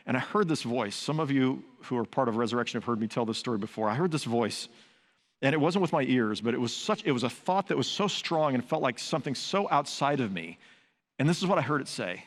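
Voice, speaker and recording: A man's voice: medium pitch, lively intonation, fast, fairly bright tone. An older man preaching a sermon, earnest and conversational, mixing teaching with personal stories. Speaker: pastor. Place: large church sanctuary. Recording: long reverb of a large sanctuary.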